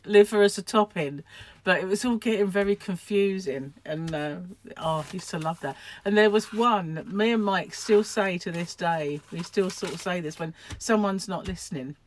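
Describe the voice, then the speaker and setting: An older Englishwoman, a vlogger and craft shop owner, chats to the camera at normal speed in a fairly low voice, with slight background noise. She rambles, pokes fun at herself and laughs a lot.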